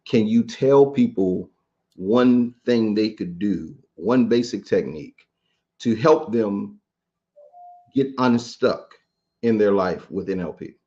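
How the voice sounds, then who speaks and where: Halting male interview host. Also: lowish voice, mellow, dull audio. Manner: halting, repeats words when starting. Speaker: podcast host. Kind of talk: interview questions.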